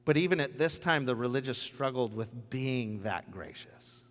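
A man preaching a sermon as a pastor, telling stories with animated acted quotes. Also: mid-range voice, normal speed, long reverb tail.

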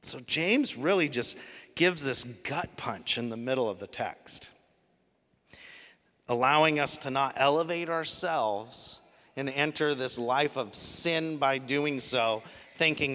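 A man preaching a sermon as pastor, animated, shifting from quiet reflection to loud emphasis. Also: fairly high pitch, takes it slowly, pauses often. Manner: animated, swings from soft to loud. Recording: long hall reverb.

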